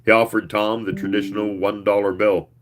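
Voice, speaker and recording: A man reading a novel aloud, expressive and sometimes stumbling over words. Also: lowish voice, brisk. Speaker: reader.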